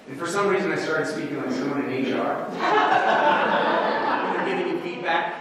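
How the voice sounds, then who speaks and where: A man with a Canadian accent giving a lively storytelling speech to a live audience in a large hall. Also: fairly high pitch, moderate pace, pauses often. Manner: animated, playful, audience-engaging. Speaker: speech contestant. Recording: echoey hall, distant mic, audience noise.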